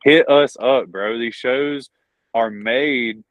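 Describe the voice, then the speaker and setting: A man's voice: mid-range voice, slow pace, no echo. A man with a Southern accent, a pro wrestler talking in a casual interview, rambling and swearing often. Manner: profane, rambling, says "dude" and "bro". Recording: dull lo-fi dry audio.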